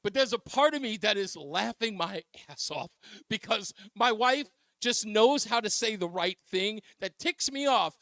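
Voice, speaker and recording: A man with a high, bright voice hosts a talk radio show, telling stories with lots of animation and frequent laughter. The sound is dry and close. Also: expressive, unhurried, no room sound. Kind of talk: casual talk radio storytelling.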